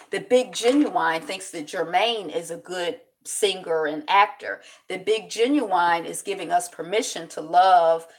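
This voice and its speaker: Woman, casual TV recap, chatty and animated, gravelly vocal fry. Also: mid-range voice. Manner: animated, digressive, laughs while talking. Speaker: TV recap host.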